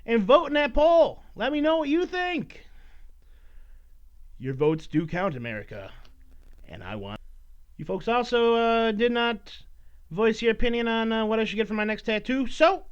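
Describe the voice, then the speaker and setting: A man hosting a casual podcast by himself rambles and swears while playfully scolding his audience, in a high-pitched, clear, resonant voice. It's captured in a dull, lo-fi recording.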